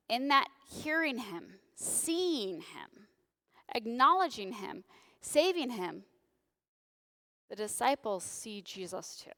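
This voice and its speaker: A woman's voice: mid-range voice, fairly bright tone. An American woman preaching a sermon in a church, casual, joking and plain-spoken. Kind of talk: conversational sermon. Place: church sanctuary. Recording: long church reverb.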